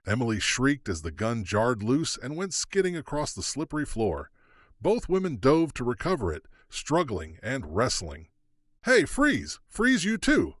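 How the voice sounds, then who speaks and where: A man's voice: medium pitch, very animated, normal speed, no room sound. A man narrating an audiobook thriller dramatically, his pacing shifting with the action. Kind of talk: scripted narration.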